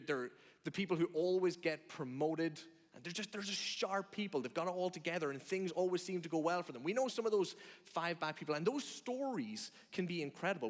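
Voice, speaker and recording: A man preaching a sermon in a conversational way, asking the audience questions and acting out reactions. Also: on the high side. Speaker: pastor. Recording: long hall reverb.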